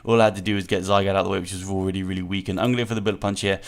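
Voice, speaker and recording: A man's voice: sits low, flat delivery, very fast, smooth. A man, the host of a gaming channel, commentating his own match live, thinking aloud, repeating himself and calling himself an idiot after mistakes. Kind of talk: live play-by-play commentary of a game.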